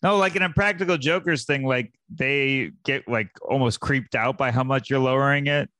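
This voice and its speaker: A man in a casual podcast chat, laid-back and halting as he talks. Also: medium pitch, sharp tone, no room sound.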